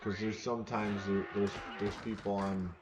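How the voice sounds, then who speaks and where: A man's voice: on the low side, flat delivery, moderate pace, noisy background. Rambling man live-streaming a game. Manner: rambling, talks to chat, repeats words. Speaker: streamer playing a football video game. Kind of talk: casual live-stream chat.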